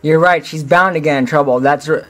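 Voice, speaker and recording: A man's voice: fairly high pitch, fairly quick, close to an everyday voice. A man voicing a protective male lion king, earnest and fatherly, in a storybook reading.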